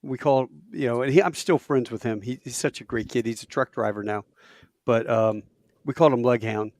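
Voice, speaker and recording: An easygoing man co-hosting a podcast, relaxed and chatty as he tells an old prank story. His voice is dry and close to the mic. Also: mid-range voice, fairly quick, no echo. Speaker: podcast co-host. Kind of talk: casual storytelling chat.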